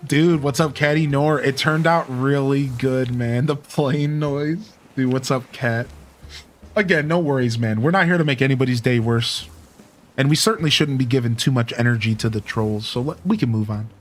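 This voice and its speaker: A man's voice: medium pitch, moderate pace. A man live-streaming in a casual, chatty way, talking straight to his viewers. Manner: laid-back, chatty, addresses viewers directly.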